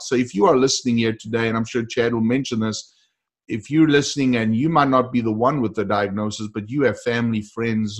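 A man hosting a faith-based interview and encouraging listeners in a preacher-like way. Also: mid-range voice. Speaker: host.

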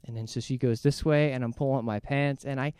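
A man's voice: mid-range voice, fast talker, clean tone, dry recording, studio quality. A man telling a crude story in casual chat, swearing often and acting out the voices of the people in it. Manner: animated storyteller, swears a lot, acts out quotes. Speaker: podcast co-host.

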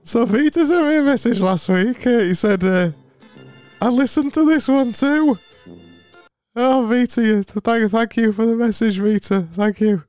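A man putting on a high, sing-song, over-cheery voice of a forced happy man, with faint music behind. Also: slow pace, hardly any pauses, a little mellow, no echo. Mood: gushing.

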